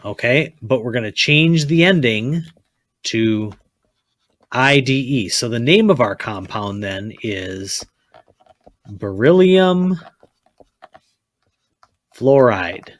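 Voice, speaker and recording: A man's voice: mid-range voice, animated, slow, pauses often, no room sound. A man teaching a chemistry lesson, blunt and repetitive, often checking with "okay?" and telling students to write things down. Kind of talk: classroom lecture.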